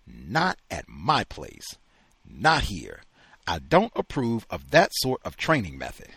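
A man reading aloud as a furious older kennel owner who has given up on people, gruff and shouting. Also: low voice, wildly swooping pitch, slow, no room sound, voice pushed down, heavily acted. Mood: yelling. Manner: gruff, shouting, then forced restraint.

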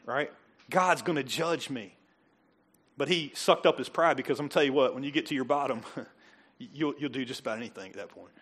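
A man's voice: a little high, expressive, brisk, fairly bright tone, slightly rough. A middle-aged male pastor preaching a casual, conversational sermon, joking with the congregation and acting out quoted voices. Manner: chatty, joking asides, acts out quoted voices.

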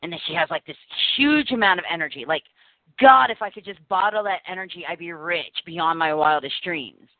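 A woman hosting a podcast in casual chat, telling stories in an animated, chatty way. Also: on the low side, brisk, no echo. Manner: chatty, animated storytelling with laughs. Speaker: podcast host. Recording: phone-like narrow line, dry.

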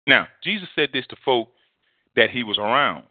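A man preaching a sermon, emphatic and repetitive, swinging between loud and soft. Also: medium pitch, sing-song, moderate pace, no room sound. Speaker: pastor. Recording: dry phone-like audio.

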